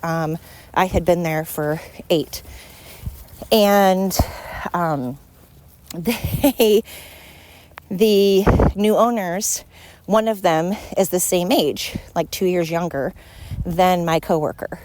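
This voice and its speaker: A woman's voice: on the low side, slow pace, pauses often, a little mellow. A woman hosting a podcast, talking at home in a frank, rambling monologue as she vents. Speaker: podcast host. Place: at home with her dog.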